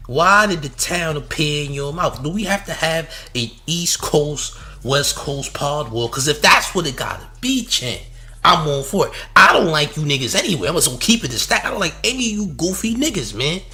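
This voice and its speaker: Brash mocking man with a bright voice. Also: on the high side. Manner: mocking, trash-talking, repeats "champ". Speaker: commentary show host. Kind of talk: streamed reaction commentary.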